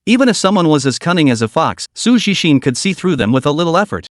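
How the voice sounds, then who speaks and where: A man reading a story recap as scripted narration, with dramatic storytelling. His voice sits a little high and rises and falls a great deal. The sound is close and dry. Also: big pitch swings, quick pace, no echo.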